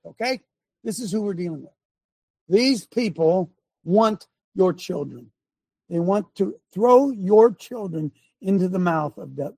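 A man with a high, gravelly voice hosts a live show and talks like a preacher, pressing every point hard. His tone has a husky edge. The sound is dry and close, with no room echo. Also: warm tone. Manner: emphatic, preacher-like, directs a producer aloud. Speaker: host.

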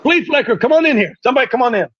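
A man hosting a faith talk show, telling a story in an animated, stumbling, repetitive way. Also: very high voice, rapid-fire, dull audio, slight background noise. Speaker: host.

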